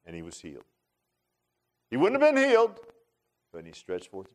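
A male pastor preaching a sermon in an animated, informal way, often repeating words and making joking asides to the congregation. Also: mid-range voice, moderate pace.

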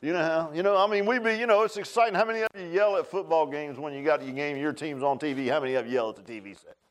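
Pastor guy preaching in church, folksy, goes from quiet asides to big high shouts, kinda high voice. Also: quick pace. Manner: folksy, talks straight to the congregation. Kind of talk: sermon.

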